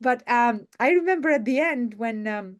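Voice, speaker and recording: A woman's voice: on the high side, animated, normal speed. A woman hosting an online masterclass over a video call, telling success stories with enthusiasm and repeating words for emphasis. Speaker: masterclass host and media coach.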